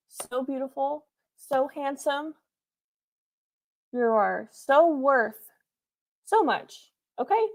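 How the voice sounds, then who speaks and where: A woman hosting a livestream from home, giving viewers an earnest, repetitive pep talk with playful asides. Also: on the high side. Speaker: livestream host.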